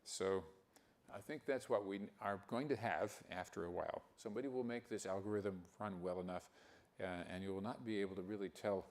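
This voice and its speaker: An older man giving a conference talk, speaking haltingly with many fillers and restarts. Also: fairly low pitch, a little mellow. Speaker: keynote speaker.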